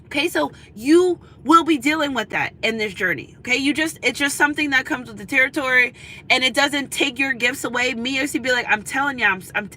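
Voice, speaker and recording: A woman's voice: high-pitched, a little fast, bright, forceful tone, rough recording. A woman in her thirties, a spiritual reader, giving a casual, preachy pep talk to her viewers and repeating her points for emphasis.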